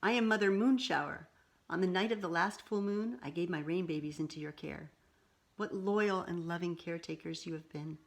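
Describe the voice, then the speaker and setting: Storybook moon spirit, soft and solemn, woman reader voicing. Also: lowish voice, moderate pace, close to an everyday voice. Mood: tender. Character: grand radiant moon spirit woman, gentle.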